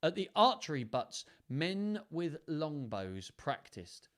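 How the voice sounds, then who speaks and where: A man's voice: a little high, sing-song, takes it slowly, a bit bright. A man hosting a live storytime, reading aloud and chatting playfully to viewers between passages. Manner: playful, chatty, self-mocking asides.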